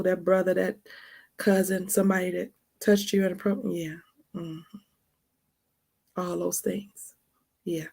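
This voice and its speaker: A woman's voice: mid-range voice, gravelly, mellow, breathy edge. A woman from Baltimore with a Baltimore accent touched by Texas, hosting a podcast in a casual, chatty monologue, calling listeners honey and y'all. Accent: Baltimore with some Texas. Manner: laughs often mid-sentence. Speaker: podcast host.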